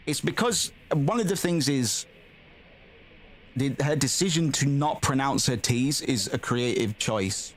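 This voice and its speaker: A man's voice: mid-range voice, lively intonation, a little slow, slight background noise. A man streaming a game, reading its text aloud and chatting bluntly, swearing freely and calling the audience "man" and "bro".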